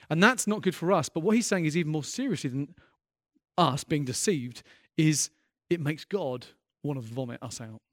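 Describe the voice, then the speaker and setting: A man's voice: fairly high pitch, animated, normal speed, no room sound, studio quality. A man preaching a sermon as a pastor, earnest and impassioned, often restarting his sentences and building in intensity.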